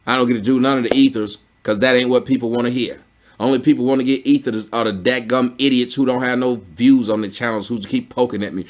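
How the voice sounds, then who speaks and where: A man hosting a commentary video, ranting in a blunt, profane, mocking way that swings from low grumbling to loud exclamations. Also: fairly even intonation, fast. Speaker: commentary channel host.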